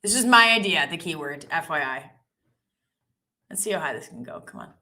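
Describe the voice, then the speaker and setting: Bright-voiced woman hosting a trading stream. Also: low-pitched, big pitch swings, normal speed. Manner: chatty, giggly, self-deprecating. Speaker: live trading stream host. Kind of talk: casual live-stream chat.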